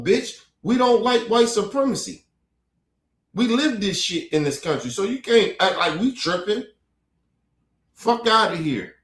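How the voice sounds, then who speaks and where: A fired-up man rants on his stream in a high voice that swings wildly up and down. His talk is profane and repetitive, and the roomy echo of the space trails each line. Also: a bit bright. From United States. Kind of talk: heated commentary rant.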